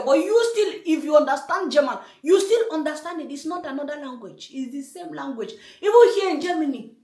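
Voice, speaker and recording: A woman hosting a reaction video, speaking her mind in an emphatic, rambling, indignant way. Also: high voice. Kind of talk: casual commentary. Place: room in Germany. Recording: echoey room.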